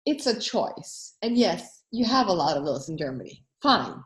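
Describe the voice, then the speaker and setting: A woman hosting a coaching workshop, telling anecdotes in a casual, animated way and acting out the voices she quotes. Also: fairly low pitch, moderate pace, echoey room.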